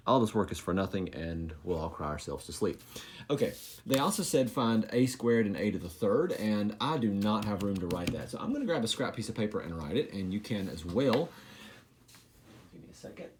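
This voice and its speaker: A man's voice: fairly low pitch, lively intonation, brisk, darkish tone, a little hiss or hum. A man teaching a recorded math lesson, making joking, self-deprecating asides while he writes.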